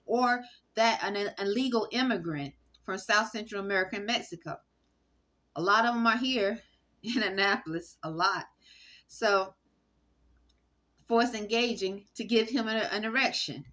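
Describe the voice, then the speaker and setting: Woman, bright tense voice, casual monologue, halting, lots of restarts. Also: medium pitch. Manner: rambling, halting, with frequent fillers and restarts.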